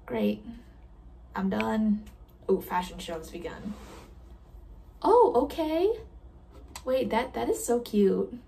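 A woman chatting casually while playing a game, self-deprecating and quick to giggle at her own mistakes. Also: a little high, very animated, creaky, dark tone, distant mic. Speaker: gamer reacting to a game. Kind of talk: casual gameplay commentary.

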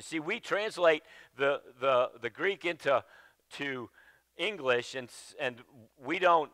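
A man preaching a sermon at a slow, deliberate pace with a bright, forceful tone. He stresses key words and then drops to a low, quiet voice, repeating phrases as he restarts his thoughts. The sound is dry and close. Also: dry recording. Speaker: pastor. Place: church sanctuary.

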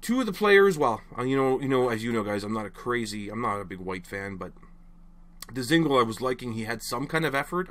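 A man's voice: on the high side, a bit bright. A young man ranting casually to camera as a frustrated hockey fan, rambling and exasperated, apologizing after his outbursts.

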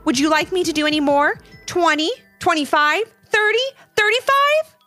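A woman's voice: extremely high pitch, moderate pace, pitched above the performer's own voice. A woman voicing a confident, eager young schoolgirl in a children's storybook reading, over faint music. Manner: bright, eager, proud.

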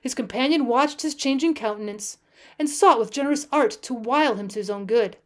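A woman teacher narrating a classic story as an audiobook in a steady, measured reading. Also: fairly high pitch.

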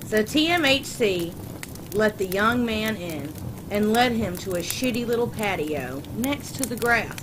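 A woman reading a crude comic fan story aloud in a deadpan, unhurried way. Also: mid-range voice. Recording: noisy background ambience.

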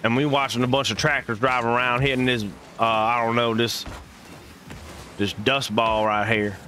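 A folksy Southern-accented caster, as a man puts the accent on, calling a car-soccer match with goofy slang and rising hype. His bright, forceful tone pushes every play along with a faint hum behind him. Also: mid-range voice, level tone, moderate pace, close to an everyday voice. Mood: excited. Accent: put-on Southern US. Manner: hyped, goofy made-up slang. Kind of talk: live esports commentary.

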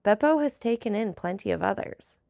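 Lady doing a loyal bandit messenger man, respectful, gravelly edge, dry sound. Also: medium pitch, lively intonation, brisk, dry recording, lo-fi sound. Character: grateful, devoted male bandit messenger.

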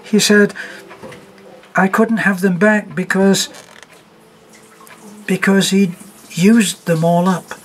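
A man voicing a fragile, desperate young woman in a story reading, speaking high and breathless. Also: steady tone, slow, pauses often, rough recording. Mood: hysterical.

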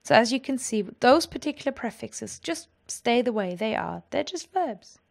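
A woman teaching a language lesson, explaining clearly and with lively energy. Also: on the high side, normal speed.

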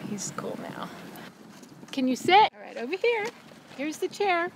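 High, lively woman gushing over dogs. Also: slow pace, background noise. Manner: coaxing, gushing sing-song at dogs. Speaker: filmmaker running a crowdfunding campaign. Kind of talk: casual on-camera chat.

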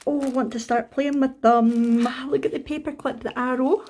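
A Scottish woman in a casual craft unboxing vlog, excitable and gushing, with frequent gasps and delighted exclamations. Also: high-pitched, a little slow. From Scotland. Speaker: craft vlogger.

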